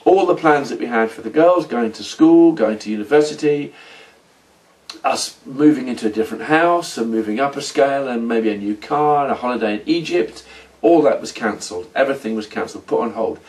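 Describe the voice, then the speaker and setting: A middle-aged man telling his story in a rambling, halting role-play monologue. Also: mid-range voice, a little mellow, far from the mic. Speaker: former oil company manager in a role-play.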